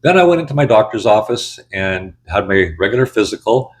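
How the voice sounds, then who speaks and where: A man's voice: on the low side, animated, brisk. A man in his sixties telling his own story to camera in a candid, blunt, conversational way. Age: 60s. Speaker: channel host. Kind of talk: casual personal storytelling.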